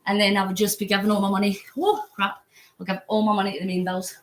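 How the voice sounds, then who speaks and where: A woman's voice: medium pitch, level tone, fast talker, echoey room. A Scottish woman chatting casually to viewers on a phone live stream while pedalling an exercise bike, reading out comments and getting sweaty. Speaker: vlogger live-streaming a charity cycle. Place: indoors at home on an exercise bike.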